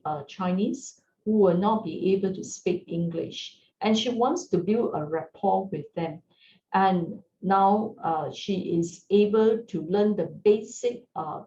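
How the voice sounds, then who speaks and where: A woman teaching beginners at an unhurried pace, with gentle encouragement and frequent check-ins with her learners. Her voice sits back from the microphone in an echoing room. The sound is slightly dull, with a faint hiss underneath. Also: on the low side, far from the mic. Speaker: Mandarin teacher. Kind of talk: slow, patient language lesson.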